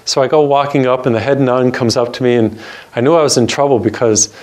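An older man, a Catholic priest, telling a personal story in an earnest sermon and slowing down to stress key words. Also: medium pitch, steady tone, a little mellow.

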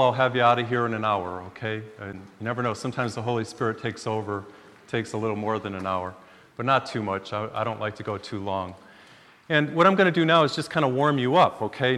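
A man's voice: fairly low pitch, a bit bright. A man, a priest, leading a retreat with prayer and casual joke-telling, talking in a chatty way with fillers. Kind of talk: joking retreat sermon. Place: church or retreat hall. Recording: long hall reverb.

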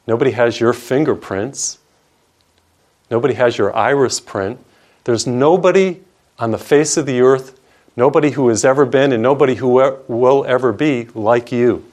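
A man, a priest, preaching a televised sermon in an earnest, emphatic way, stacking up lists of words and dropping soft on tender lines. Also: medium pitch.

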